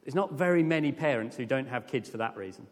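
Earnest preacher in a reverberant hall. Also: male voice, mid-range voice, fast. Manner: earnest, lively, rising to emphatic peaks. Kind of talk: sermon.

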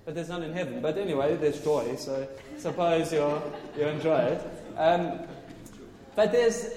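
A man preaching a sermon with loud, passionate, exclaiming delivery. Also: a little high, fairly even intonation, moderate pace. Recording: echoey hall, faint ambience.

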